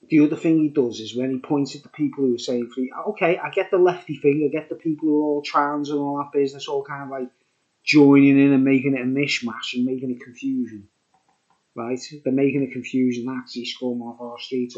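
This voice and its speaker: A man's voice: medium pitch, level tone, brisk, a little mellow, highs cut off. A tipsy man rambling on camera in a casual monologue, repeating himself and tagging lines with "mate" and "right?". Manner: rambling, repetitive, keeps adding "mate" and "right?". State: tipsy from drinking. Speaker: vlogger reviewing beer.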